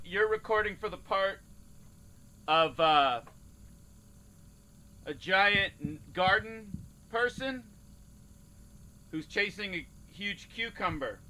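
A man's voice: high-pitched, sharp tone. A man hosting a game play-through, joking as a mock casting director. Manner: slow, mock-official casting director bit. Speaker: gaming channel host.

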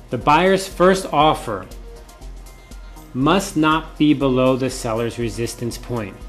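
A man's voice: mid-range voice, slow pace, faint music behind. A male professor giving a classroom lecture, often repeating key points and asking rhetorical questions.

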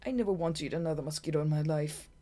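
A woman's voice: sits low, warm tone, close to an everyday voice. A woman reading an audiobook, voicing a young male bat who is a hot-tempered, boastful runt. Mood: queasy, protesting. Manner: eager, boastful, quick to take offense.

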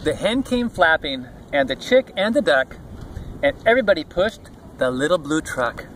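A man's voice: sits high, big pitch swings, normal speed, a bit bright. An older man reading a picture book aloud to his grandchildren outdoors at a beach, playfully doing animal and truck sounds. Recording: faint outdoor background noise.

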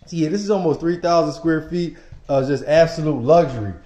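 A man's voice: a little high, fairly quick, mellow, dull audio. A man leading a casual walkthrough tour of an empty house, speaking with enthusiasm straight to his viewers in casual slang as he walks from room to room. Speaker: property manager giving a home tour. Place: empty house, indoor rooms. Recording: echoey empty rooms.

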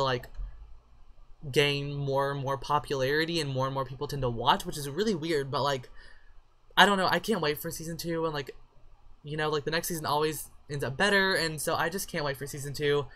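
A man's voice: on the high side, pushed and bright. A young man talking casually to his viewers as a let's play creator, rambling with many fillers and getting emotional. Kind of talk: casual outro chat to viewers.

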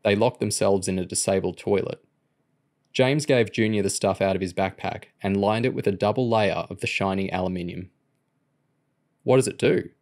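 A man with a lowish voice reads a novel aloud as an audiobook. His storytelling stays steady and even from line to line. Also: a little fast. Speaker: audiobook reader. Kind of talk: audiobook narration.

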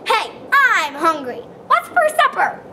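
A huge, hungry giant booming out threats, as a woman storyteller puts him on. His voice is loud and blustering, with faint room noise behind it. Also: wildly swooping pitch, takes it slowly, heavily acted. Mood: gruff. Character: huge hungry male Texas giant, gruff bully.

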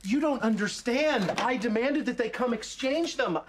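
An actor playing a flamboyant, emotional, big-hearted gay dad in a sitcom, with dramatic delivery. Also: male voice, very high voice, lively intonation, moderate pace, a little hiss or hum. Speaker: sitcom character. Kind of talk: sitcom acting.

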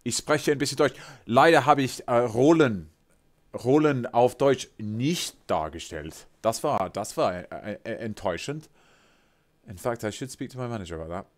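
A British man, a voice actor streaming a game, chatting excitedly with viewers and reading their messages aloud with playful theatrical outbursts. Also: mid-range voice, normal speed. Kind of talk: live-stream chat with viewers.

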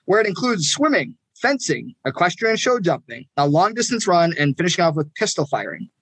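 A man's voice: on the high side, sing-song, a little fast, a bit bright, husky, dry recording. A young adult man from Ontario, Canada, with a Canadian accent, co-hosting a podcast in a casual, profane and joking way. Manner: profane, joking, laughs often. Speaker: podcast co-host. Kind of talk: casual chat.

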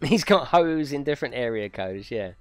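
Lively man chatting while streaming. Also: medium pitch, moderate pace, no room sound, soft background music. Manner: chatty, swears, exaggerated. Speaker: streamer hosting races. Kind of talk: casual live-stream chat. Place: home room in racing rig.

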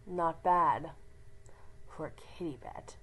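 A woman voicing a sly, teasing male warrior cat in a storybook roleplay, talking low and mocking, sometimes half-whispered. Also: takes it slowly, a bit bright, slight background noise, low-quality recording.

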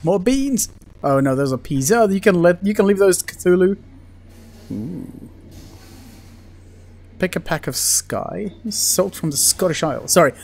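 Playful, high-voiced gaming host. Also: male voice, expressive, a little slow, gravelly, pauses often, darkish tone, slight background noise. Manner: playful, laughs often, jokes at the game. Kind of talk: let's play commentary.

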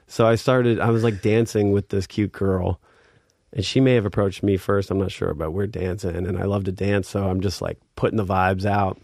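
A man's voice: low voice, steady tone, moderate pace, vocal fry, darkish tone, no echo, clean studio sound. A man in his thirties, a guest musician, telling a story in a laid-back way with many fillers, getting livelier as he acts out scenes. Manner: laid-back, filler-heavy, reenacts scenes with rising energy. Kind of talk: casual storytelling.

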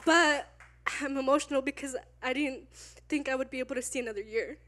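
A woman around twenty, a youth leader, preaching at church, tearful and candid, halting with nervous laughs. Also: high-pitched, fairly even intonation, a little hiss or hum. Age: 20s. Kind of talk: emotional sermon. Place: church sanctuary. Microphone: handheld mic.

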